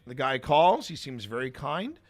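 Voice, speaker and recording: A man hosting a show, telling a personal anecdote in a lively way, acting out what other people said and often repeating words as he restarts. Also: mid-range voice, normal speed, faint music behind. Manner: animated, acts out other people's lines. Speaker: host. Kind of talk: storytelling anecdote.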